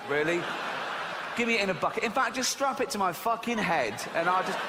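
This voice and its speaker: A man performs stand-up on a big live stage, his voice high and bouncing all over as he rants and slips into mocking voices. The hall adds a long tail of reverb, with faint room noise under it. The audience laughs along. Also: quick pace. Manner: animated ranting, mimicking silly voices. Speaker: stand-up comedian. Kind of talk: stand-up routine. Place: live stage in a large venue.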